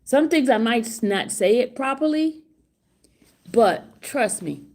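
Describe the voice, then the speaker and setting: A middle-aged woman vlogging casual commentary outside a courtroom, excited and laughing, repeating herself. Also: on the high side, slow. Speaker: trial vlogger. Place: outside a courtroom, hallway area.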